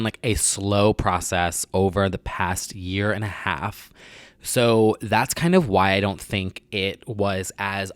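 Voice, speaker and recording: A man's voice: fairly low pitch, a bit bright, clear, resonant tone, no echo. A young man talking casually to camera as a vlog host, rambling, self-deprecating and candid, filling his talk with "like.". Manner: confessional and candid. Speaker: vlogger host.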